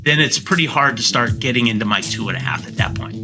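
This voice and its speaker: A man's voice: medium pitch, expressive, quick pace, pushed and bright, faint music behind. A man on a remote call, a real estate agent talking casually and confidently as a guest, coaching listeners and often repeating himself. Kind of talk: casual interview chat.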